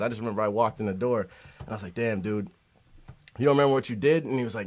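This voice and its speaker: A man co-hosting a casual podcast, telling a story in an animated way and laughing through it. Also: mid-range voice, fast talker. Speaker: podcast co-host. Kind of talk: casual chat. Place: hot cellar studio.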